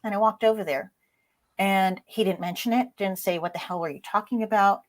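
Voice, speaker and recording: A woman as an interview guest, telling a story in a lively way and acting out the voices in it. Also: mid-range voice, brisk. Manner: lively, acts out voices in her stories.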